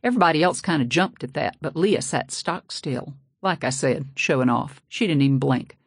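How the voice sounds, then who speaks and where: Low-voiced woman, folksy narration. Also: expressive, normal speed, breathy edge, dry recording, clean studio sound. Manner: folksy, sassy first-person storytelling. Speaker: audiobook narrator. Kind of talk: scripted narration.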